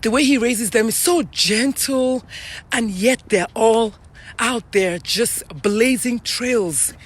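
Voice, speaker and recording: A woman's voice: on the high side, slow, slightly rough. A middle-aged Nigerian woman hosting a casual live stream, talking earnestly and chattily to viewers while out of breath from walking uphill outdoors.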